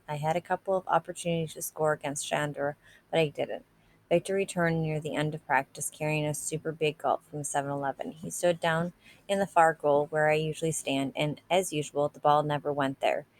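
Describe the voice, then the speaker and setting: Woman reading a book out loud, low voice, steady and plain. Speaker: reader. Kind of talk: reading a novel aloud.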